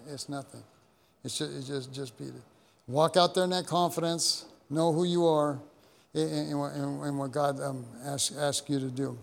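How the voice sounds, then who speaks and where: A man's voice: fairly high pitch, gravelly. A man preaching a sermon as pastor, telling stories in a rambling way with many repeated words and restarts. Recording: long hall reverb.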